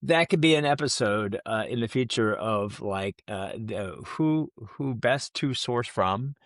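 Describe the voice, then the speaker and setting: Animated man rambling on a podcast. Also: mid-range voice, unhurried, dry recording, clean studio sound. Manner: animated, rambling with many restarts. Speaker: co-host. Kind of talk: casual podcast chat.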